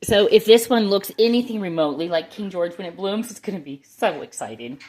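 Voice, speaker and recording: A woman's voice: mid-range voice, expressive, fairly quick, a little mellow. A middle-aged woman chatting casually and enthusiastically as she shows her orchids at home. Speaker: orchid grower. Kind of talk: casual chat while touring plants. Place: home with plants.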